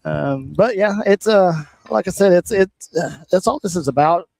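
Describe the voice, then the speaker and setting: A man with a fairly high voice speaks as a guest judge in a casual radio interview. He talks plainly and modestly, hedging his answers. His voice sounds close and dry. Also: lively intonation, normal speed, creaky, a little mellow, no echo, low-quality recording. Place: outdoors at a shooting range.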